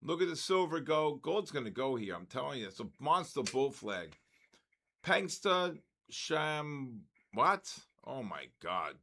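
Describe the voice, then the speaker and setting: An older man hosting a live trading stream, excitedly calling out viewers' names and market moves, his voice worn from talking. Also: mid-range voice, moderate pace, few pauses. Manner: excitable, calls out chat names. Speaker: trading livestream host.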